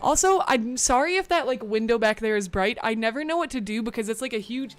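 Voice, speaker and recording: A woman's voice: a little high, animated, a little fast. A young woman streamer, bubbly and chatty with lots of "like" fillers, talking casually to her live chat from a room at home. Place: home room with a bright window.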